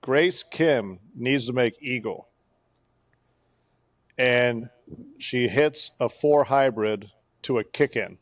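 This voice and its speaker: Male co-host, mid-pitched, excitable play-by-play storyteller, dry close recording. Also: takes it slowly, long pauses, dry recording. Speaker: podcast co-host. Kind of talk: casual golf podcast chat.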